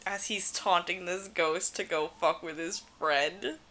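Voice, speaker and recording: A woman's voice: fairly low pitch, measured pace, pushed and bright. A woman with a cold co-hosting a casual podcast recap, making dry, sarcastic asides. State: has a cold. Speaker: podcast co-host.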